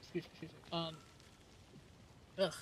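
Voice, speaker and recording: A woman's voice: deep voice, flat delivery, normal speed, a little hiss or hum. A young woman chatting casually on a livestream, giggling often and talking in a rambling, slangy, profane way. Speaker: streamer.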